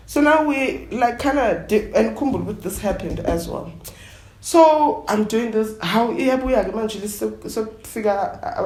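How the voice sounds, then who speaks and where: A woman traditional healer from South Africa, telling her story at a roundtable in an animated way, often acting out what others said. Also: mid-range voice. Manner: code-switching, animated retelling with quoted voices. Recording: echoey room with faint noise.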